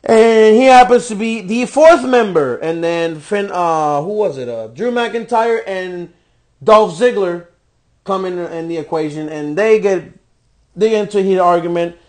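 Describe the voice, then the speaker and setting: High-voiced man ranting, swearing. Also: measured pace. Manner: profane, ranting, exasperated. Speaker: podcast host. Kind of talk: wrestling show review rant.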